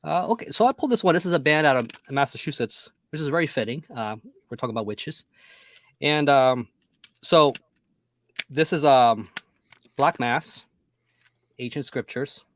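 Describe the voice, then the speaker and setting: A man's voice: mid-range voice, expressive, normal speed, pauses often, dry recording. A man guests on a podcast in easygoing, casual chat. He hesitates over words and laughs as he talks. The voice is close and dry with no room to it.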